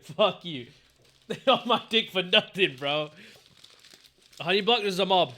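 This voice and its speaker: A young man streaming a game live, swearing freely and calling his chat "bro" while he guesses out loud. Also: sits high, measured pace. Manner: profane, excitable, calls the chat bro.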